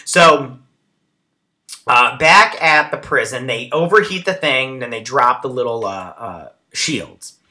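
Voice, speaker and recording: A man's voice: medium pitch, animated, takes it slowly, sharp tone. A man hosting a casual episode recap and review, chatty and rambling with lots of fillers. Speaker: show recap host.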